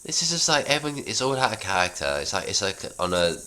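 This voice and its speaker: A man's voice: fairly low pitch, sing-song, fast talker, bright, forceful tone. A man casually reading his own sitcom script aloud and rambling in self-deprecating asides. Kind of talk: casual script read-through with commentary.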